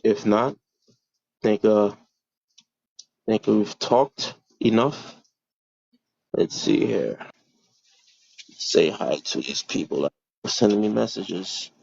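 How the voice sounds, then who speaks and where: A man's voice: lowish voice, slow, gravelly, long pauses, darkish tone, slightly rough, no echo. A man hosting a casual livestream, rambling and repeating himself as he talks straight to his viewers. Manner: rambling, repeats words, addresses viewers directly. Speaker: livestream host. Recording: dull lo-fi stream audio.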